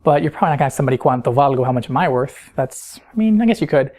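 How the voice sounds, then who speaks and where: A woman's voice: a bass voice, animated, very fast, dark tone. A woman teaching a recorded grammar lesson, patient and explanatory, often putting questions to the listener. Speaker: Spanish teacher.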